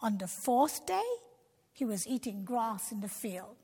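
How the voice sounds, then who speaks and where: A woman's voice: a little high, expressive, a little slow, dark tone, husky. A woman narrating a Christian children's story expressively, talking directly to young listeners. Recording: long reverb.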